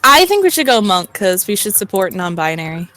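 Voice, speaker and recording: A woman's voice: medium pitch, very animated, brisk, a bit bright. Young woman co-streamer reading aloud. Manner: reads game narration, chatty asides. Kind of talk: casual let's-play reading of a text game.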